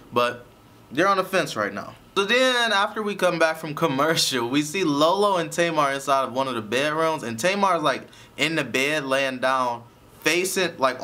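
Lively, bright-voiced man recapping a show. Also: on the high side. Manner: chatty, laughs often while telling. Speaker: show reviewer. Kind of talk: casual TV episode recap.

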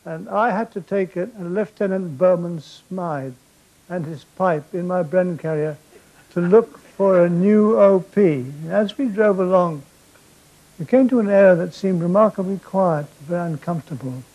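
An older man telling wartime comic anecdotes on stage, with dry deadpan timing and stammered restarts. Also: high voice, unhurried, low-quality recording. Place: theatre stage before a laughing audience.

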